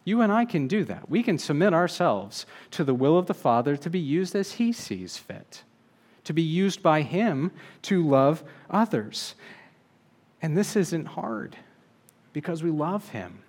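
Earnest male preacher, measured and emphatic. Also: on the high side, big pitch swings, darkish tone. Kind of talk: sermon.

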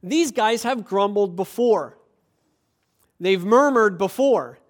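A pastor with a notably high voice delivers a sermon in a conversational, emphatic way. He keeps turning to rhetorical questions and leans on key words to drive his points home. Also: animated, slow.

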